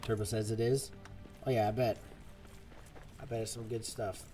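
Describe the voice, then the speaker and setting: A man's voice: on the low side, flat delivery, moderate pace, dark tone, soft background music. Chatty male gameplay streamer. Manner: chatty, rambling, talks to viewers. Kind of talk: casual gameplay commentary.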